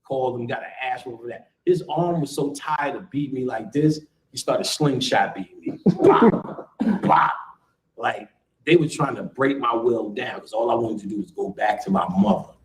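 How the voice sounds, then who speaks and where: A man's voice: medium pitch, brisk. Man, storyteller at a live talk, profane and laughing, roomy echo. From United States. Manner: profane, laughing, animated with quoted voices. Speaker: lecturer telling a family story. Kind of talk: casual storytelling to a live audience. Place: lecture room. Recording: roomy live lecture room.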